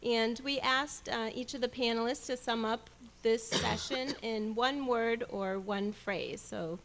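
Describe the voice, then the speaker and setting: Gravelly woman moderating a panel. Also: fairly high pitch, measured pace, fairly bright tone, rough recording. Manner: friendly, asks questions, laughs easily.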